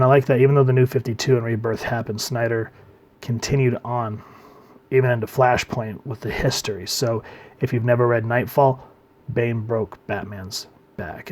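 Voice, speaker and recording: A man talks through a comic book in a casual, easygoing review. His voice sits at a middle pitch, and his phrase endings often trail off softly. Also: normal speed. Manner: relaxed, trails off quietly at phrase ends.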